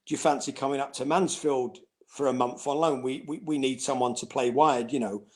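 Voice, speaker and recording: A middle-aged former footballer telling anecdotes in a casual interview, laughing and acting out quoted voices. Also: male voice, medium pitch, steady tone, a little fast, a little mellow, soft background music.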